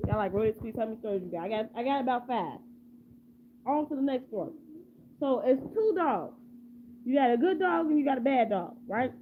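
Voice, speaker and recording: A woman's voice: on the high side, lively intonation, fairly quick. A woman improvising a rambling, repetitive story casually and asking her listeners questions. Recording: tinny phone-like, faint hum.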